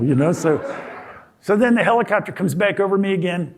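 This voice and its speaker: A man's voice: sits high, fast talker. A man in his sixties giving a casual talk in a lecture hall, telling a story with restarts and acted-out quotes. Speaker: guest speaker.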